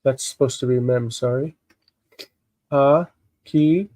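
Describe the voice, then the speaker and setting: A man with congested sinuses, slowly explaining a Bible text in a live lesson, halting and thinking aloud with many fillers. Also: mid-range voice, warm tone, dry recording, rough recording. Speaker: Hebrew teacher.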